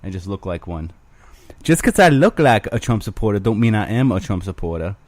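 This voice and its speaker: A man's voice: fairly low pitch, animated, brisk, a little mellow, no echo. A man hosting his own show alone, rambling crudely with self-mocking humor. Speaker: podcast host. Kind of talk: casual solo rambling.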